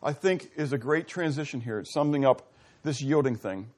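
Speaking at a normal pace, a male pastor gives a casual, chatty sermon. He often questions the congregation and performs little dialogues, and at moments his voice sinks to a low, soft register.

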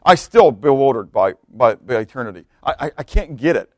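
Brisk and sing-song in a mid-range voice, this pastor delivers a conversational sermon, reading scripture aloud and repeatedly stopping to pose rhetorical questions to his audience. No room sound; clean studio audio.

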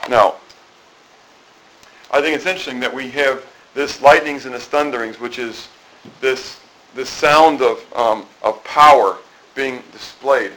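A middle-aged male pastor preaching in a relaxed, conversational way. He keeps asking the congregation questions and circles back over his own phrases with restarts, and his voice sits at a middling pitch for a man. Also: measured pace, pauses often, slight background noise, low-quality recording. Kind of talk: sermon.

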